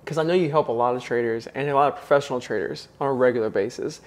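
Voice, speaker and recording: A man's voice: medium pitch, rapid-fire. A man hosting an interview indoors, asking eager, hyped-up questions that ramble with fillers. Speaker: interview host. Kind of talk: conversational interview. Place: penthouse apartment, indoors.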